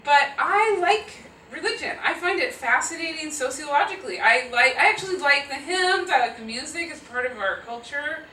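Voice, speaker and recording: Woman in her fifties, bright high voice, swooping lively pitch, laughing self-deprecating storyteller, roomy hall, distant mic. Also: moderate pace, few pauses, slight background noise. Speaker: guest speaker. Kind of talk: live audience Q&A storytelling. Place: auditorium with audience.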